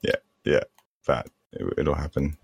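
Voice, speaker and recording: A man co-hosting a podcast in casual chat, halting and restarting, often giggling. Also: rumbling low, gravelly, husky, no room sound, studio quality. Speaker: podcast co-host. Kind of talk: casual banter.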